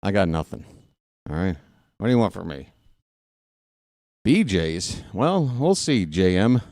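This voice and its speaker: Slow, lively joking baseball streamer. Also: male voice, low-pitched, no room sound, clean studio sound. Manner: rambling, self-mocking, jokey asides. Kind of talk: casual live-stream chat and commentary.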